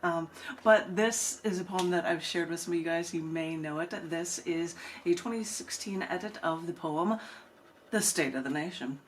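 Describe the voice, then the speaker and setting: Low-voiced chatty woman poet. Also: moderate pace, slight background noise. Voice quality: chatty, conversational, easygoing. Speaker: poet hosting an open mic reading. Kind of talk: poetry reading with casual chat.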